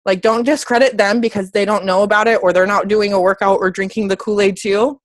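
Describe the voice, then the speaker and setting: A woman's voice: mid-range voice, a little fast, dry recording. A woman fitness coach giving her team a casual motivational talk, bubbly and chatty, often correcting herself mid-sentence. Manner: excitable, squeals when happy.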